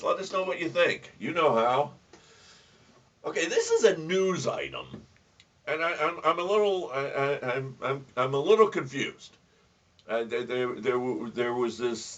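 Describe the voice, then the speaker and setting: A man hosting a casual show, telling jokes with many restarts and stammers, and dropping low and quiet when he tells a story. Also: distant mic. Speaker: podcast host. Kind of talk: casual joke-telling chat.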